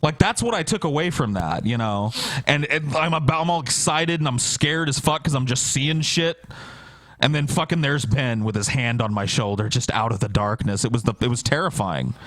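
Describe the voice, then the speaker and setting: A man's voice: mid-range voice, normal speed, fairly bright tone, dry recording. A man telling a wild story on a podcast, casual and profane, often laughing through it. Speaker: podcast guest.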